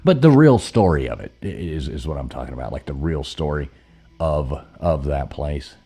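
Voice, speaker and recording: A man's voice: very deep voice, normal speed, breathy edge. A man hosting a live call-in show, telling rambling stories full of fillers. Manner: rambling, with many fillers, loose and animated. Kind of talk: casual chat and storytelling.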